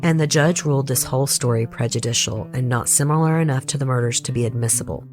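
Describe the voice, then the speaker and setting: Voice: medium pitch, fast, a little mellow, soft background music. A true crime podcast host with a Southern US accent, reading a scripted case narration with blunt, opinionated asides.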